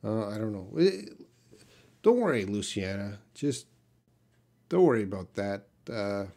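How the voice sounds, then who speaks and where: A man's voice: lowish voice, big pitch swings, a little slow, dark tone. A man from Canada, an English teacher, reading out viewer questions on a live stream and answering them in a plain, direct, sometimes blunt way.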